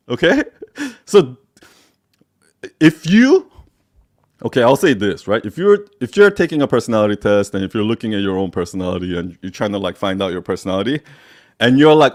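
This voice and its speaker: A man's voice: lowish voice, very animated, fairly quick, long pauses, a little mellow. A man hosting a live Q&A, answering viewer questions bluntly, swearing freely and often laughing between points.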